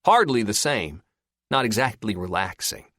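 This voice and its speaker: A man's voice: fairly low pitch, very animated, normal speed, fairly bright tone, no room sound, studio quality, voice pushed up. A man voicing a wisecracking trapped male soldier in an audiobook, with a sarcastic, teasing manner and a raised voice. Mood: joking.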